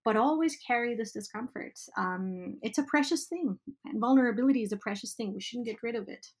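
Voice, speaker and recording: A woman teacher speaking in an animated, emphatic way in a conversational interview. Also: fairly high pitch. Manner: animated, emphatic, quick asides with laughs. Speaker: teacher educator guest.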